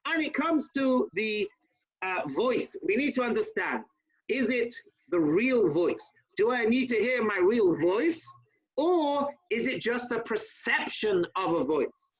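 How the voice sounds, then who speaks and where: A man, a rabbi, teaching an informal class over a video call, talking fast with chatty asides to his listeners. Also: extremely high pitch, big pitch swings, slightly rough, muffled recording.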